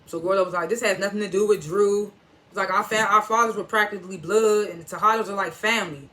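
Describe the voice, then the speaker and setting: Bright-voiced casual TV recap host. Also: mid-range voice, fairly even intonation, fast. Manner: storytelling, quotes characters with "he was like"; chuckles and reacts while retelling. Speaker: TV episode reviewer.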